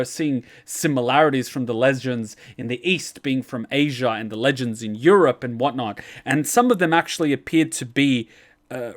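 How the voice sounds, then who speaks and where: A man, an anime reaction channel host, telling a personal story in a casual, animated way, swearing freely and getting louder when excited. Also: medium pitch.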